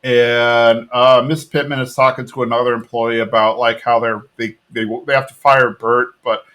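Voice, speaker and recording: A man with an ordinary mid-range voice talks through a cartoon episode on a podcast. He rambles along in a loose, casual way, full of fillers and quick laughs. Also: mid-range voice, level tone, fairly bright tone. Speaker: podcast co-host. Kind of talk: casual recap chat.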